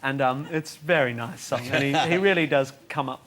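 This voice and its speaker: A man, a comedian and musician, telling lively anecdotes as a guest on a chat show and acting out other people's voices. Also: medium pitch, brisk. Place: TV studio.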